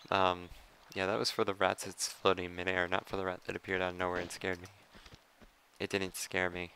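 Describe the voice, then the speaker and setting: A man's voice: low-pitched, completely flat delivery, fairly quick, bright, forceful tone, slight background noise. A man giving casual, rambling commentary while playing a video game, thinking aloud and poking fun at himself. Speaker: let's play commentator.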